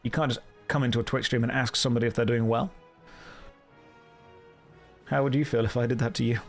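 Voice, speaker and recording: A man's voice: medium pitch, steady tone, fairly quick, gravelly, soft background music. A man streaming from home on a desk microphone, chatting playfully with viewers while he plays. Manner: playful, jokey, chats with viewers. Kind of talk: casual live game stream commentary.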